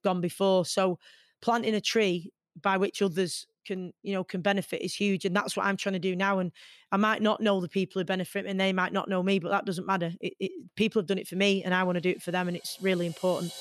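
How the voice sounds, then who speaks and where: A woman in her forties with a Mancunian accent, from Manchester, talking as an interview guest in an earnest, animated way. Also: medium pitch, quick pace, dry recording, clean studio sound. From Manchester, England. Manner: earnest and animated, many fillers. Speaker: guest, boxer. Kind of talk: conversational interview.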